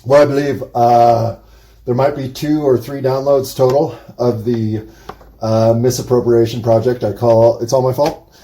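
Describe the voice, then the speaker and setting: A man muses aloud in a rambling solo audio diary, drawing his words out slowly. His voice is mellow and dark. Now and then he stops to say "pause" and "unpause" to himself. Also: level tone. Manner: jumps into high playful tones for jokes.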